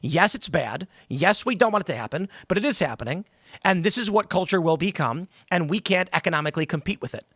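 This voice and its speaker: A man hosting a talk show, arguing forcefully in a heated studio debate. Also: high voice, animated, quick pace, no echo. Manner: forceful, argumentative, acts out voices in anecdotes. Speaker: host.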